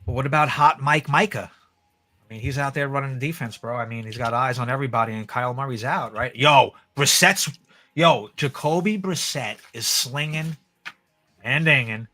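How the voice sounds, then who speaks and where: A man co-hosting a sports podcast, chatting casually and excitably about football with slang like "yo" and "bro". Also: mid-range voice, moderate pace.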